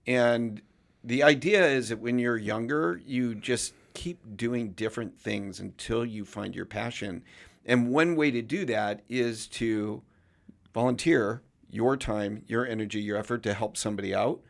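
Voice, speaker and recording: A man's voice: mid-range voice, unhurried, creaky. A man hosting a casual interview podcast, giving advice in long, reflective sentences. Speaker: podcast host.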